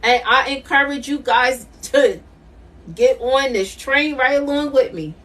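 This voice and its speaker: A woman's voice: sits high, a little slow, a bit bright, far from the mic. A middle-aged woman doing a live tarot reading, emphatic and repetitive, laughing often. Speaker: intuitive tarot reader.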